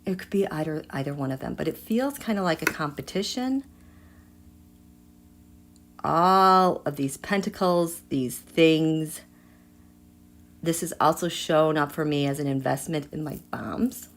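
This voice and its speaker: A woman hosting a live tarot reading who talks straight to her viewers and swings between hushed asides and excited outbursts. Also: sits low, a little slow, long pauses, slight background noise. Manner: chatty, addresses viewers directly. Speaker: tarot reader and livestream host.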